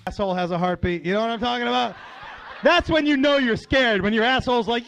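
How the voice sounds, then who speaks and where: A middle-aged male stand-up comedian tells a story on stage in an animated, profane way, acting out the characters. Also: extremely high pitch, fast talker, vocal fry, a little hiss or hum.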